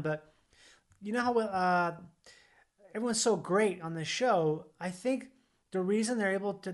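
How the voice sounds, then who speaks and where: A podcast co-host chatting casually, rambling through lots of fillers and swearing now and then. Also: mid-range voice. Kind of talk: casual chat.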